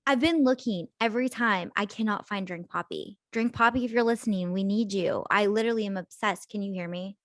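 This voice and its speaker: A woman's voice: mid-range voice, fairly quick, few pauses, no room sound, studio quality. A woman co-hosting a casual podcast chat, talking loosely with lots of "like" and frequent laughter. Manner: chatty, laughs often, heavy use of "like". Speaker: podcast co-host.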